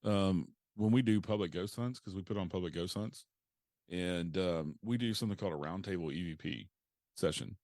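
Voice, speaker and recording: Deep-voiced man explaining calmly. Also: moderate pace, no echo, clean studio sound. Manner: explanatory, steady, frequent fillers. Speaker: paranormal investigator guest. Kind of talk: casual interview conversation.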